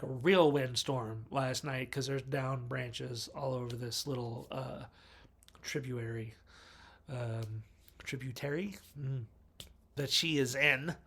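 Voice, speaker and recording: A man's voice: mid-range voice, vocal fry, fairly bright tone. A man giving a casual, rambling movie review with wry asides and frequent self-corrections. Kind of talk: casual film review monologue.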